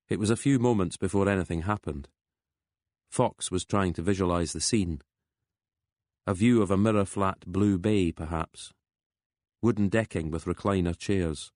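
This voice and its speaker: A man with a very low voice reads a crime novel in a steady, unhurried storytelling manner. The recording is close and dry, with no room sound at all. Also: no echo. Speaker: audiobook narrator. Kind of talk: scripted crime novel narration.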